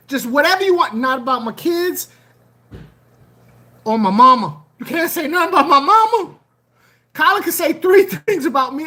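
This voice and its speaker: An aquarium channel host chatting casually on a livestream, animated and joking, often repeating phrases. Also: high-pitched, unhurried, pauses often.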